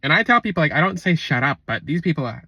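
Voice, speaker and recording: A man's voice: on the high side, very animated, very fast, gravelly, sharp tone, slightly rough, dry recording, highs cut off. A man talking in a casual spiritual vlog, blunt and rambling, on a close mic. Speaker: spiritual content creator.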